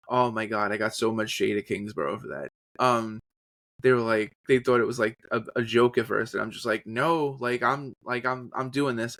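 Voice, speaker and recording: A man telling stories in a casual interview, animated, often slipping into trailer-style and character voices. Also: medium pitch, dry recording. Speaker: podcast guest, voice actor and journalist.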